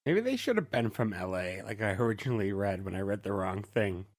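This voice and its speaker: A man's voice: fairly low pitch, expressive, fairly quick, no echo, clean studio sound. A man co-hosting a podcast in casual chat, blunt and contrary, pushing back on the others. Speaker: podcast co-host.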